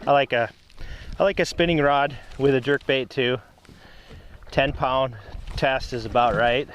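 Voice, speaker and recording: A man narrating casually while fishing from a boat on a lake, relaxed and chatty, breaking into excited whoops when a fish bites. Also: mid-range voice, a little slow, a little hiss or hum. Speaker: fishing vlogger.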